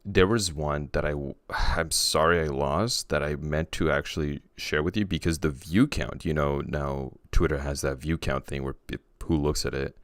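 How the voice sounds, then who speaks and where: A very deep-voiced man hosts a laid-back podcast chat, teasing his co-host and leaping up in pitch for emphasis. The sound is dry and close, with no room around it. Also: dry recording. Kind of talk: casual chat.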